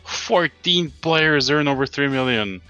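A man's voice: on the high side, animated, a little slow, pushed and bright, lo-fi sound, soft background music. A man co-hosting a casual football podcast, ranting in an exasperated way and swearing often. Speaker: podcast co-host.

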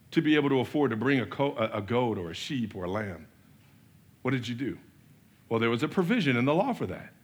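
A male pastor preaches a sermon animatedly, posing rhetorical questions and swinging between loud and soft. His voice is mid-range and husky.

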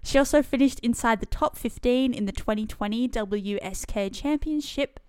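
A woman's voice: fairly high pitch, moderate pace, darkish tone, clear, resonant tone, no room sound, clean studio sound. Giggly Australian woman podcast host. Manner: giggly, apologetic about pronouncing names. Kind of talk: casual chat.

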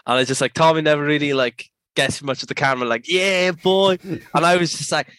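A man's voice: on the high side, fast, a bit bright, no room sound. A man, a podcast guest telling skate-filming stories in casual chat, laughing often, swearing freely and acting out other people's voices. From South Wales. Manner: laughing, swears a lot, acts out quoted voices.

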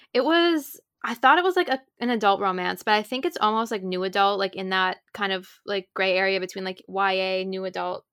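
A woman's voice: medium pitch, fairly bright tone, smooth, no echo, studio quality. A woman in her twenties co-hosting a podcast, chatting casually with lots of "like" and "um". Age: 20s. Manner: chatty, filler-heavy with frequent "like" and "um". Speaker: podcast co-host. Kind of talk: casual chat.

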